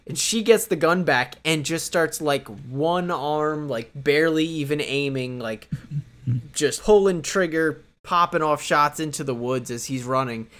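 A man co-hosting a podcast, casually recapping a movie and reacting with lively, animated retellings. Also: fairly high pitch, measured pace. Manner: animated, reacts with exaggerated voices of characters. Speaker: podcast co-host.

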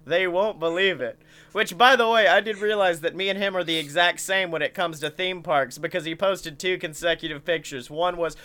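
A man co-hosting a podcast, excitable and swearing often in casual chat. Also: high-pitched, fairly quick, few pauses, smooth. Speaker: podcast co-host.

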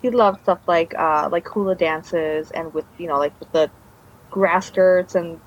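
A woman's voice: lowish voice, unhurried. A woman guest telling her personal story in a casual interview, meandering with trailing restarts. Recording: dull lo-fi recording.

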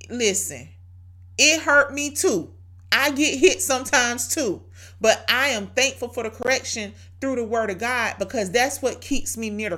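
A woman's voice: medium pitch, fairly bright tone. A woman hosting a devotional podcast, exhorting listeners in a conversational, preachy way, with rhetorical questions and repeated key phrases. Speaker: podcast host.

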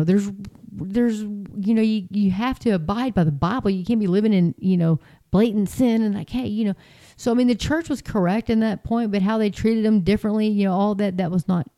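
A woman's voice: medium pitch, dark tone. A woman talking in a casual, rambling way, full of fillers and restarts, sounding exasperated and incredulous. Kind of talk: casual commentary.

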